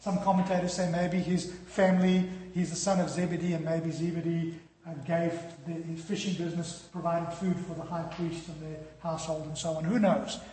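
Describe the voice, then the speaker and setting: A man's voice: a little high, level tone, a little fast, warm tone. A man preaching a sermon in a storytelling way, with dramatic drops in volume. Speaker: pastor. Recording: echoey hall reverb.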